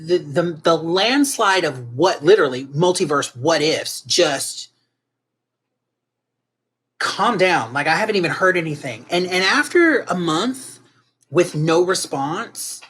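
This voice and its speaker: A woman guest artist in an interview, telling her story in an animated, emotional way with frequent restarts. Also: on the low side, a little slow, slightly rough.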